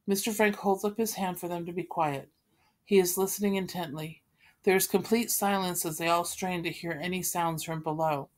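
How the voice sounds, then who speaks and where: Female reader, low voice, plain even delivery of stage directions. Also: moderate pace. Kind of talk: reading stage directions aloud.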